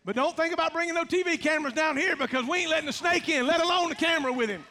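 A man's voice: very high voice, rapid-fire, pushed and bright. A man preaching a folksy, emphatic sermon, joking and calling out to his congregation. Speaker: pastor. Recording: long reverb of a large hall.

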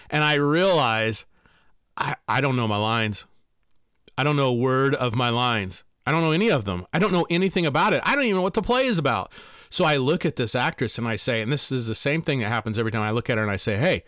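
A man speaking as a life coach, telling a personal story in an animated, emphatic way. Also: a little fast, clean tone, dry recording, clean studio sound. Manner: animated and emphatic, pitch leaps on key words.

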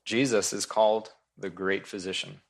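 Earnest low-voiced male pastor preaching. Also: steady tone, normal speed, gravelly. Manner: earnest, emphatic, repeats key points. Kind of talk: sermon.

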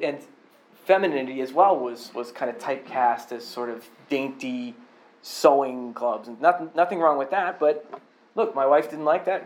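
Joking preacher man in an echoey hall. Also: a little high. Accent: Boston. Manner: humorous, conversational, mimics other voices. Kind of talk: sermon. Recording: echoey room.

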